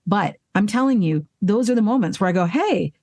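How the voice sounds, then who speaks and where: A woman voice actress and singer talking candidly as an interview guest, animated, swearing freely and laughing at herself, with hiccups breaking in now and then. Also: medium pitch, fast, no echo. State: hiccuping and burping. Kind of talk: casual interview conversation.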